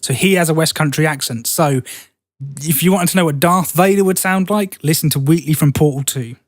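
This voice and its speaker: A man's voice: fairly high pitch, brisk, dry recording, studio quality. A man, co-hosting a casual podcast chat, rambling and restarting mid-phrase as he tells trivia. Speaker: podcast co-host.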